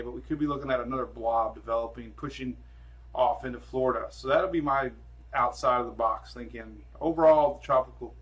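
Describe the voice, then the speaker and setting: A man's voice: mid-range voice, fairly bright tone. A man hosting a casual weather live stream from home on his phone camera, rambling and chatty as he talks to viewers and his dogs.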